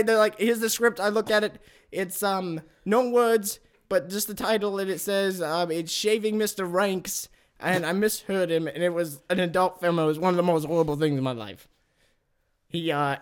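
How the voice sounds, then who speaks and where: A man playing a hapless oddball called Larry Poppins in an improvised comedy interview, rambling, halting and giggling through his stories. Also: high voice, clean tone, close to an everyday voice. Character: hapless male Larry Poppins, odd drifter.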